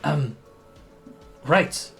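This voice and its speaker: A man's voice: drawn-out words, faint music behind. A man voicing a frail goblin holy man. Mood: earnest. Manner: soft, hesitant, apologetic.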